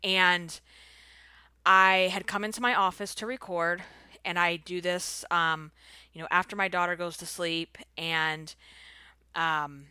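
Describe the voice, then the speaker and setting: Pregnant woman host, thirties, solo podcast episode; bright, crisp delivery, candid and chatty, dry close sound. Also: lowish voice, flat delivery, a little slow, dry recording. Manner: candid, chatty, with frequent fillers and laughs. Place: home office.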